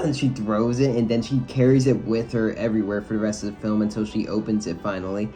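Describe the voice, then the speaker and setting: A man's voice: mid-range voice, fairly even intonation, fairly quick, few pauses, warm tone, faint music behind. A man giving a casual video review of a film, talking loosely and frankly with lots of "like" and some swearing. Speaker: movie reviewer.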